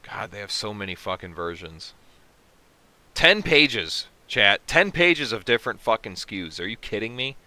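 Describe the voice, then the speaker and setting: A man's voice: on the low side, big pitch swings, unhurried, sharp tone, no room sound. A man hosting a casual livestream, reading chat comments aloud and answering them with profane jokes. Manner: profane, joking, reacting to chat. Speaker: livestream host.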